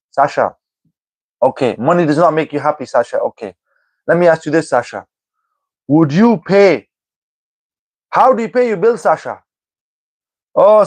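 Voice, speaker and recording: Teasing male streamer, a bit high-pitched. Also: dry recording. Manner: teasing, repeats commenters' names, keeps saying "you know what I mean". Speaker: livestreamer replying to chat. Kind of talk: live-stream chat banter.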